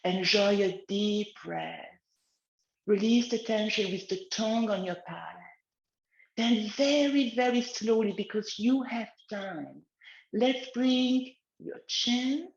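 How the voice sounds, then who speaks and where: Slow, gentle woman guiding a relaxation exercise. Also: medium pitch, gravelly, reverberant, dull audio. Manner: slow, gentle guiding of breathing and neck movements. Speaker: wellness instructor. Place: outdoors in the countryside, chickens nearby.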